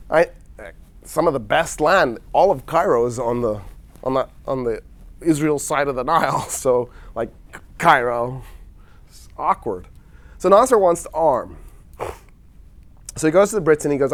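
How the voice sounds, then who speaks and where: A man telling a history story in a loose, casual lecture style, acting out countries in quick quoted dialogue with wry asides. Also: medium pitch, animated.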